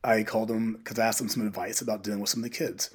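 Male coach, lowish husky voice, chatty and animated storyteller on a podcast. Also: very fast. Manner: animated, quotes people in dialogue. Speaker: high school coach, podcast guest. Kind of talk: casual interview storytelling.

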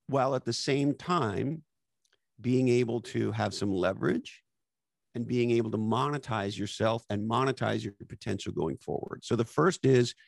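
A man's voice: medium pitch, creaky, no room sound, studio quality. A man hosting a podcast conversation, talking emphatically and bluntly with casual swearing and catchphrases. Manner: emphatic, profane, uses catchphrases. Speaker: podcast host.

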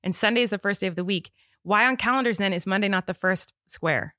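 A woman co-hosting a podcast in casual chat, talking in an animated way and quick to insist she is right. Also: mid-range voice, dry recording, clean studio sound. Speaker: podcast co-host.

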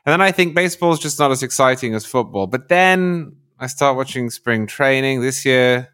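A man's voice: mid-range voice, animated, moderate pace, fairly bright tone, smooth. Man, panelist, casual chat, wry, self-mocking. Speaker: podcast panelist.

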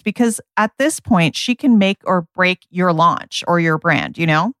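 A woman co-host who talks in a gushing, lively way, with a lowish voice. She sometimes speeds up, and the recording is dry and close. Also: dry recording. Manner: enthusiastic, gushing, often says "like". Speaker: podcast co-host. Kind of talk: casual podcast chat.

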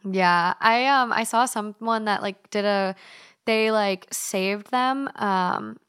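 A woman's voice: mid-range voice, slow pace, clean tone. A young woman co-hosting a casual podcast chat, talking freely and quoting others in playful voices. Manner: chatty, animated, quotes others in put-on voices.

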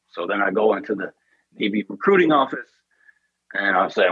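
A man's voice: fairly low pitch, sing-song, fairly quick, gravelly, breathy edge, no room sound, lo-fi sound. A man earnestly telling a personal story in an interview, emotional and full of "you know" and "like".

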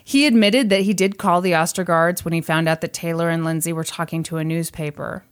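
A woman's voice: lowish voice, steady tone, brisk, clear, resonant tone. A young woman co-hosting a podcast, telling a story in casual chat, reading out quotes and adding joking asides. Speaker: podcast co-host.

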